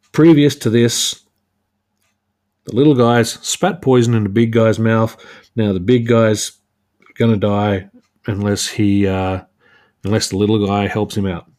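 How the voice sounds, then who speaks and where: Low-voiced man rambling about comics. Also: normal speed, pauses often, darkish tone. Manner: rambling, many fillers and restarts. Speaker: podcast host. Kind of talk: casual solo comic-book discussion.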